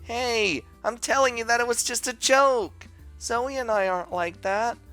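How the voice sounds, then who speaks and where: A man putting on a high, gushing schoolgirl. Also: measured pace, sharp tone, faint music behind, exaggerated voice. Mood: flustered. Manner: whiny, gushing, high-pitched. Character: bubbly, clingy teenage girl heroine. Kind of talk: reading a visual novel aloud.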